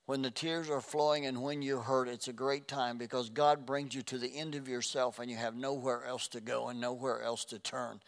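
A man's voice: mid-range voice, a bit bright. Pastor, male, earnest sermon delivery, repeats himself, trips on archaic words. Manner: earnest, repeats phrases, stumbles over scripture words.

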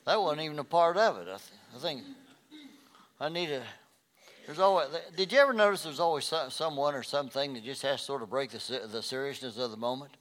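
A male pastor preaches fast, his lively intonation swinging between loud emphatic rises and quiet, low passages. He often repeats words as he restarts his phrases.

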